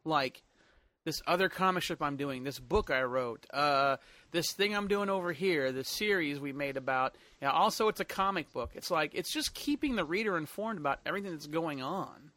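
A man co-hosting a podcast in casual chat, excitable and jokey, who bursts into mock outcries. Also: moderate pace, no echo. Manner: excitable, jumps into high mock outbursts. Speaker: podcast co-host, webcomic creator.

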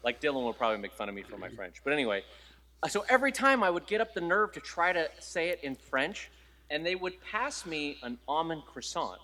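Man, podcast co-host, casual funny stories, high voice, lively pitch, very bright tone. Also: brisk. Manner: jokey storyteller, mock accents and voices. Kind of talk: casual chat.

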